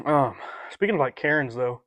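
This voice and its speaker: A young man co-hosting a podcast in relaxed casual chat, swearing and saying dude and like a lot. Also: mid-range voice, normal speed, no echo. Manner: laid-back, profane, says dude and like a lot. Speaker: podcast co-host.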